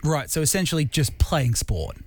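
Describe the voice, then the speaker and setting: A man's voice: a little high, sing-song, moderate pace, no echo, clean studio sound. A man co-hosting a radio show in casual banter, playful and jokey, sometimes stumbling over names. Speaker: radio co-host. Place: radio studio. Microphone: studio mic.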